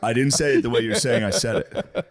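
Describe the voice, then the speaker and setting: A man's voice: mid-range voice, a little fast, over a noisy crowd. A man co-hosting a podcast, teasing his friend with laughing banter and mock quotes. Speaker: podcast co-host. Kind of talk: casual chat. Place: podcast studio.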